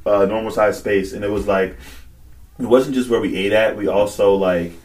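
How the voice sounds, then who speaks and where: A man's voice: lowish voice, steady tone, normal speed, a little mellow, recorded from a distance. A man co-hosting a podcast in casual chat, laughing often and acting out voices as he tells stories. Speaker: podcast co-host.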